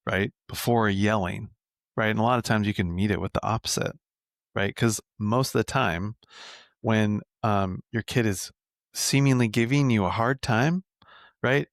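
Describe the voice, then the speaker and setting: A man's voice: fairly low pitch, gravelly, dry recording, clean studio sound. A man working as a men's coach, talking casually in a podcast interview and tagging his points with "right?" and the odd swear word. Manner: conversational, frequent "right?" tags.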